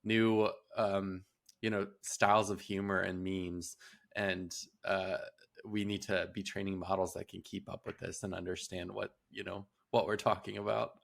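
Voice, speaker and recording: A man with a low, gravelly voice co-hosts a podcast. He speaks in a flat, even tone and adds his thoughts calmly, pausing on a few fillers along the way. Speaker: podcast co-host. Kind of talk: casual podcast chat.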